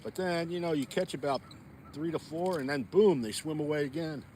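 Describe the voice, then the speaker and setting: A man's voice: fairly high pitch, normal speed, dark tone, a little hiss or hum. A chatty, folksy man vlogging outdoors on a frozen lake, talking straight to his viewers. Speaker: fishing vlogger. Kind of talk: casual outdoor vlog talk.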